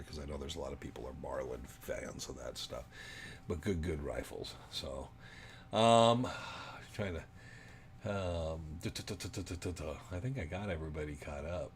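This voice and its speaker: Deep-voiced rambling Arizona man, casual. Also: a little hiss or hum. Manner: rambling, chatty, many ums. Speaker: livestream host. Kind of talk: casual livestream chat.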